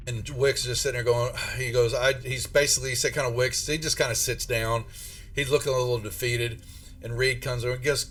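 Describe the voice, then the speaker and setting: A man running a tabletop horror game as game master, narrating in a rambling, halting way full of restarts and fillers. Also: mid-range voice, steady tone, fairly bright tone.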